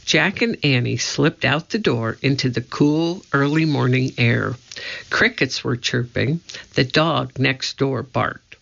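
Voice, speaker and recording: Storybook reader: man, slow and gravelly, dull lo-fi recording. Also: medium pitch, fairly bright tone. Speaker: narrator. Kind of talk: reading a children's book aloud.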